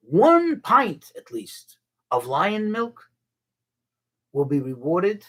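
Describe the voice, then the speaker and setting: A male teacher telling a fable to his class in an animated, dramatic way. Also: a little high, slightly rough. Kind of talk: storytelling lesson.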